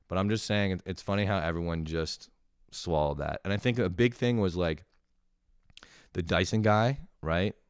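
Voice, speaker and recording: A young man doing a profane, sarcastic comic rant, animated and full of swearing. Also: sits low, normal speed, smooth, dry recording, clean studio sound. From lives in Montreal. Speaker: comedian ranting to camera.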